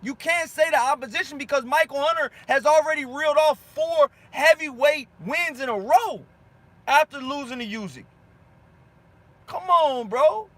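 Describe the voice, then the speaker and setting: A man's voice: very high voice, normal speed, a bit bright, no room sound. A male boxing channel host ranting at viewer comments, fired-up and slangy, repeating himself for emphasis. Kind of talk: heated rant answering viewer comments.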